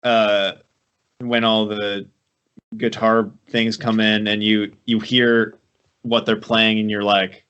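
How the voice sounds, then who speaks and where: Slow-talking joking man. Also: lowish voice, flat delivery, a bit bright, smooth, lo-fi sound. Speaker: podcast co-host reviewing an album. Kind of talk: casual chat.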